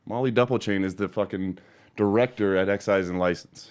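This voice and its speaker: Profane ranting man, low voice. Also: moderate pace, smooth. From Denver, Colorado. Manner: profane, angry ranting that turns calm and chatty. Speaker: host of a cannabis seed business show. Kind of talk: casual ranting livestream talk.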